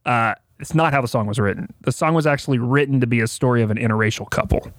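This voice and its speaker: A man's voice: medium pitch, fast, dry recording, clean studio sound. A man talking casually as a podcast guest, telling music history stories with lots of fillers and restarts. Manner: animated storyteller, fillers and restarts.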